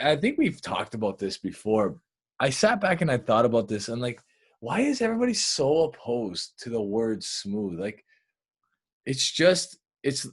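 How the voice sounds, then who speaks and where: A young Canadian man with a Canadian accent, hosting a podcast in an animated, storytelling chat. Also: medium pitch, husky. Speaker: podcast host. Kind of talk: casual chat.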